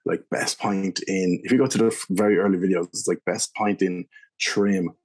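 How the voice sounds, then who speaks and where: Rambling young Irish man, lowish voice. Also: fairly even intonation, moderate pace, a little mellow, breathy edge. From Ireland. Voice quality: rambling, full of "like" and restarts. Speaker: guest, beer reviewer. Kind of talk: casual storytelling interview.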